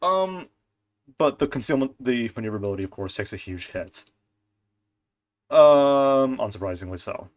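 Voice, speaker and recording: Young male commentator, mid-pitched, casual and ranty, lots of filler and restarts. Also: normal speed, pauses often. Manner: animated, ranting, frequent fillers and restarts. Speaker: gaming content creator. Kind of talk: casual commentary on game ship stats.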